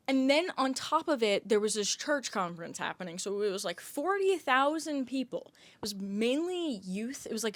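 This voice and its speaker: A woman's voice: a little high, no echo. A young adult woman hosting a podcast, telling a long casual rant, rambling with lots of "like" and swearing freely. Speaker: podcast host.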